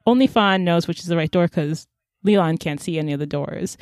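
A woman's voice: fairly low pitch, a little fast, a little mellow, no echo, studio quality. A woman on a casual podcast, recapping a story in a chatty way and swinging into playful voices for the characters. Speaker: podcast co-host recapping a series. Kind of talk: casual chat.

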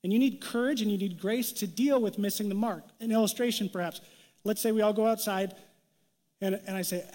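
A young adult man preaches in a light, conversational way, with a fairly high voice. Short bits of quoted dialogue get their own voices, and his words carry a long reverb through a large hall. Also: a little fast, a little mellow. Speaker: pastor. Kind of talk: sermon.

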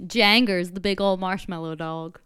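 A woman's voice: on the low side, steady tone, moderate pace, fairly bright tone, clear, resonant tone, no room sound, studio quality. A woman co-hosting a podcast in casual, playful, enthusiastic chat. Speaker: podcast co-host.

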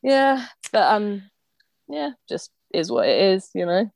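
A woman's voice: medium pitch, big pitch swings, measured pace, gravelly, a little mellow, dry recording. Woman with a bit of an aussie twang, blunt and sweary, laughs a lot, dry mic. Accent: slight Australian twang. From Australia. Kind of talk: casual chat.

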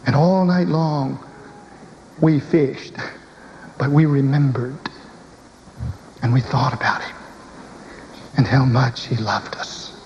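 A man's voice: mid-range voice, steady tone, takes it slowly, pauses often, a little mellow. A man preaching a first-person dramatic sermon, telling the story with vivid emotion. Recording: dull recording in a reverberant hall with faint hiss.

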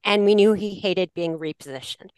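A woman's voice: mid-range voice, normal speed, darkish tone, clean tone, dry recording. A woman teacher telling a classroom story in a podcast conversation, acting out the lines she quotes and laughing often. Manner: laughs often while talking. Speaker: special education teacher.

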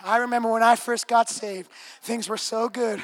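A male preacher at a revival gathering, swinging from low, chatty asides to shouted, repeated declarations. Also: steady tone, moderate pace. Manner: repeats phrases for emphasis. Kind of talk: revival sermon. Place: large outdoor crusade gathering.

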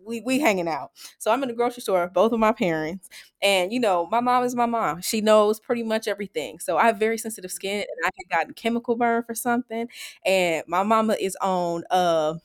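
Animated storytelling woman host. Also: medium pitch. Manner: animated, acts out quotes of her parents. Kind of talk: casual chat, comic storytelling.

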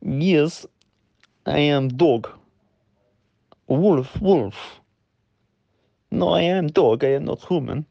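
A man's voice: a little high, animated, extremely slow, creaky, long pauses, no room sound, muffled recording, exaggerated voice. A man putting on a Russian accent to voice a dog, talking in broken English and barking. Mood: proud. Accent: put-on Russian.

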